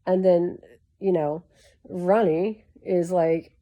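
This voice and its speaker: A woman's voice: on the low side, fairly even intonation, takes it slowly, lo-fi sound. A woman chatting to camera in a rambling, casual way full of "like" fillers, talking while lying down. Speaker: YouTube creator.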